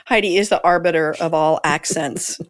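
A woman's voice: sits low, normal speed, no echo, studio quality. A woman co-hosting a podcast in casual chat, playful and teasing, laughing often. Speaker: podcast co-host.

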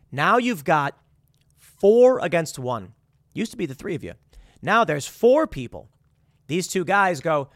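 Male commentator, animated and sarcastic, lively pitch, dry close sound. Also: normal speed, dry recording. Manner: animated, acts out quoted voices with sarcasm and restarts. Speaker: political commentator. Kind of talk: opinionated monologue.

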